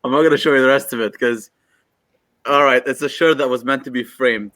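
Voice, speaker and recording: A man's voice: medium pitch, fairly even intonation, fairly quick, fairly bright tone, dry recording, poor audio. Man chatting football banter, wry and rambling, dry close voice. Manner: joking, rambling. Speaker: football podcast panelist, Chelsea fan. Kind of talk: casual banter.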